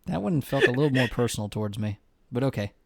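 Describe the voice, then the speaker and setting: A man's voice: medium pitch, expressive, fast talker, vocal fry, crowd noise. Joking man chatting over a game. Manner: joking, teasing, breaks into laughs. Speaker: streamer co-playing a video game. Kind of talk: casual gaming chat.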